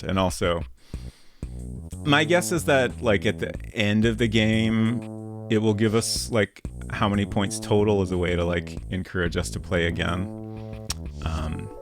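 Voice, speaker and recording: A man streaming a game, chatting casually with viewers and thinking out loud. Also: deep voice, vocal fry. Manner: chatty, thinking aloud with fillers. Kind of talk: casual let's-play commentary. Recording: game music playing under the voice.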